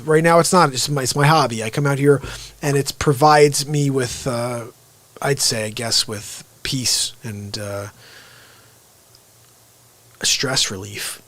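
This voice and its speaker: A middle-aged man talks straight into a close, dry mic while he hosts a live stream. His voice sits a little high for a man. He is energetic and bursts out loud now and then, then drops to low asides. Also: no echo. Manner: energetic, with sudden loud outbursts. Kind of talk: unscripted live-stream monologue.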